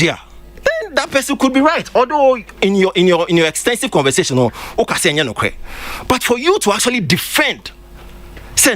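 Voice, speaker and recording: A man's voice: high voice, wildly swooping pitch, fairly quick, fairly bright tone. A Ghanaian man on a radio panel, lecturing critically and switching between English and Twi. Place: radio studio.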